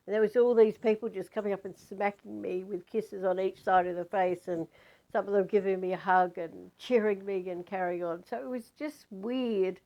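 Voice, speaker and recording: A woman's voice: medium pitch, steady tone, normal speed, dark tone, muffled recording. A woman telling a spiritual story in a chatty, rambling way, with many fillers and restarts.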